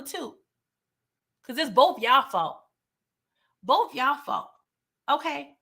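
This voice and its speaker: Bright-voiced woman, animated recap host. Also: high-pitched, takes it slowly, long pauses. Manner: animated, talks to chat, acts out characters' lines. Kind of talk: casual live-streamed episode recap.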